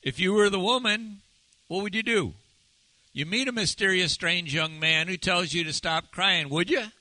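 A man preaching a sermon, asking his listeners one rhetorical question after another and turning soft and slow to stress key words. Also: high-pitched, no room sound, rough recording. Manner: asks the audience many rhetorical questions. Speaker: pastor.

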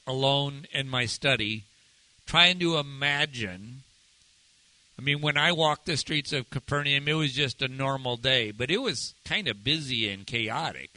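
A male pastor delivers a sermon in an earnest, measured way, drawing out the words he wants to land. His voice is sharp and very bright, a little higher than most men's, and it sounds close and dry. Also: no room sound, rough recording. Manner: earnest, measured, slows down to stress key phrases.

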